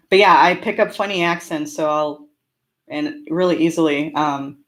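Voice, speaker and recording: A woman's voice: sits low, takes it slowly, a bit bright. A woman from California with a slight rural twang, hosting a casual live-stream Q&A and answering chat in a chatty, upbeat way with frequent laughs. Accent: slight rural American twang. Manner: chatty and upbeat, laughs often between remarks. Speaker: homesteading channel host.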